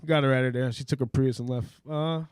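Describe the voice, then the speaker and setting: A man's voice: medium pitch, steady tone, fast talker, smooth, dry recording. A man doing a rambling stand-up set in a mumbling way, from a Puerto Rican family. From Puerto Rico. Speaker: comedian at an open mic.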